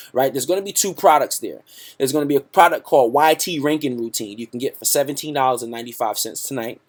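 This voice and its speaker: Hyped man pitching a webinar. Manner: hyped, repeats "right?" constantly; salesy, pumped, talks to the audience as "guys". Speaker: webinar host.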